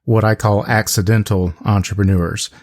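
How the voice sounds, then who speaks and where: A man hosting an interview, speaking in a measured, encouraging way. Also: on the low side, little pitch movement. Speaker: podcast host.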